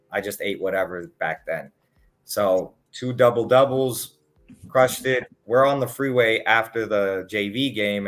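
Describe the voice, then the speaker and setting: A man, a podcast guest, telling casual stories with lots of swearing and acted-out quotes. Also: fairly low pitch. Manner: animated, profane, acts out quotes. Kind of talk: casual storytelling.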